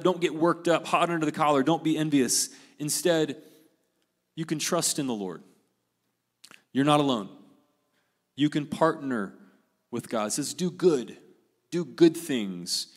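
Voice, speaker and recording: Earnest male preacher in a reverberant hall. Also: on the high side. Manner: earnest preaching, repeats key phrases, drops voice softly at line ends. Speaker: pastor. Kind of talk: sermon.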